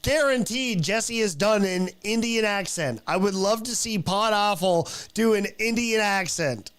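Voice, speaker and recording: A man's voice: high voice, a little slow, fairly bright tone, smooth. A young adult man, a podcast host and stand-up comic, chatting casually and profanely, rambling with restarts. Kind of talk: casual chat.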